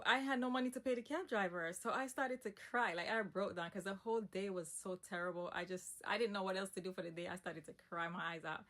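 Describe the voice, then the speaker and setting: A young woman telling a personal story in a casual, emphatic storytime monologue with asides. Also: fairly low pitch. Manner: animated, emphatic retelling with asides.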